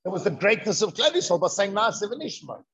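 A man giving a lively Torah lecture, firing rhetorical questions and answering them himself. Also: high-pitched, a little fast. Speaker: Torah teacher. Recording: dull lo-fi recording.

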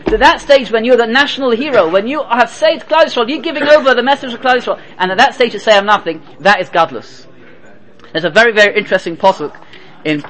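A man giving a spoken Torah class, telling stories lively and mixing Hebrew and Yiddish terms into his English. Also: high voice. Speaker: Torah teacher.

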